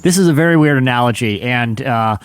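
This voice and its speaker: A man talking fast in a mid-range voice, recorded close and dry. He rambles through his points and pokes fun at himself as he goes. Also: medium pitch, lively intonation, clear, resonant tone, no echo. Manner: rambling, self-mocking. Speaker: podcast co-host. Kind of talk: casual chat.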